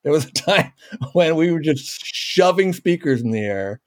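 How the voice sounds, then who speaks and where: A man's voice: on the high side, lively intonation, moderate pace, no echo, clean studio sound. A middle-aged man, a live sound engineer with twenty years in the trade, chatting casually, joking and trailing off at the ends of phrases. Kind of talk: casual panel discussion.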